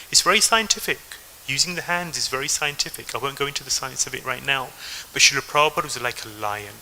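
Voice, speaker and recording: Fast, bright and forceful, this temple speaker from England tells stories in his devotional talk and addresses listeners head-on in an English accent. His voice is mid-range, and the low-quality recording has slight background noise.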